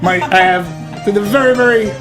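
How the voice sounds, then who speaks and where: A man's voice: high voice, over music. Playful male movie-show host. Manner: playful, halting with many restarts and fillers. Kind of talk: casual panel chat.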